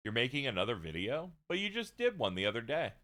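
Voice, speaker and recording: A man doing a calm, gently teasing young mother. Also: mid-range voice, fast talker. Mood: gentle.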